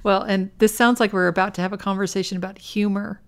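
A woman hosting an educational podcast, friendly and quick to laugh. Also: medium pitch, little pitch movement, clean tone. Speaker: podcast host.

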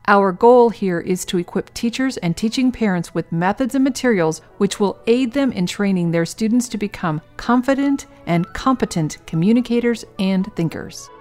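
A woman hosting an educational podcast, friendly and quick to laugh. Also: mid-range voice. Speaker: podcast host.

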